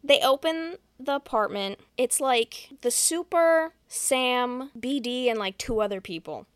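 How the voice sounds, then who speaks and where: A woman on a podcast recaps a film scene by scene in a casual, swearing, deadpan way. Her voice sits somewhat high, and the sound is close and dry with no room echo. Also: measured pace, smooth. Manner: profane, deadpan plot retelling. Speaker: podcast host. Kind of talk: casual movie recap chat.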